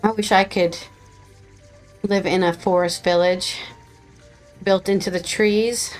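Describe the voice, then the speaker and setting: A woman's voice: mid-range voice, steady tone, slow pace. A woman streaming a video game, chatting casually and joking with a playful manner. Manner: playful, joking, laughs often. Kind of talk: casual gaming stream commentary. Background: faint game music.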